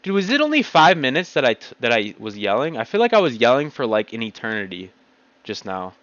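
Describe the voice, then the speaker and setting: A man's voice: medium pitch, wildly swooping pitch, a little fast, fairly bright tone, no echo. Agitated man ranting, lo-fi dry recording. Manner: blunt, agitated, heavy swearing. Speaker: vlogger. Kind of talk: ranting monologue. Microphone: home computer mic.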